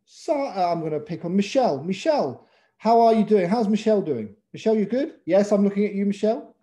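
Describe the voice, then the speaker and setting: A man with an English accent, a pitch coach teaching a webinar over a video call in a playful way, calling on participants by name. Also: lively intonation, fast, dark tone. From England.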